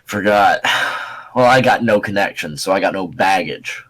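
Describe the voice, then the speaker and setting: A young man co-hosting a casual podcast, teasing his friends with crude, deadpan jokes. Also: sits low, moderate pace, breathy edge. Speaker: podcast co-host. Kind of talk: casual chat.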